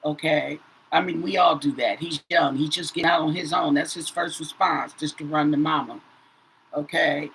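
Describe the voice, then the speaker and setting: Woman, tarot reader, bright voice, faint room hum. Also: deep voice, fairly even intonation, moderate pace, gravelly, rough recording. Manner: says "okay?" after nearly every phrase, repeats herself. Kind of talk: casual tarot reading to viewers.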